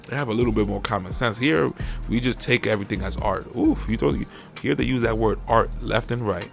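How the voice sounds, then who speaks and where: A young man, hosting a podcast in a profane, animated rant that jumps into mocking high-pitched impressions. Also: fairly quick, vocal fry, soft background music. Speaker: podcast host. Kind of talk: casual uncensored podcast rant.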